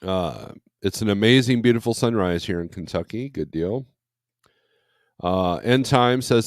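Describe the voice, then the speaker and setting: Male trucker host, low-pitched, rambling livestream chatter, dry voice. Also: unhurried, dry recording. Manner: rambling and conversational, with frequent fillers and restarts; blunt and opinionated when griping. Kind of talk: casual morning livestream, reading viewer comments aloud.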